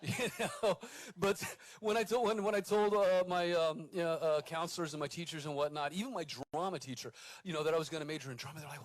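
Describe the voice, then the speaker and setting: Speaking quickly and off the cuff, an awards night host from Corpus Christi, Texas, rambles through an unscripted speech at the venue, poking fun at himself and saying "uh" often. He's middle-aged with a slightly high voice for a man, recorded close and dry with no room sound.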